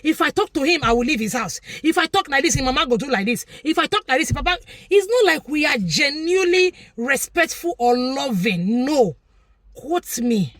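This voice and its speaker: A Nigerian woman delivers a preachy commentary monologue to her viewers. Her high voice leaps up and down with lively emphasis, and she repeats lines to drive points home. The sound is close and dry. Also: no room sound. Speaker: vlogger commentator.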